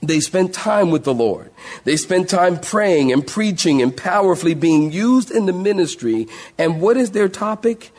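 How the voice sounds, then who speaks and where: A man, a pastor, teaching a Bible study in an animated, conversational style with humor. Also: sits high, unhurried.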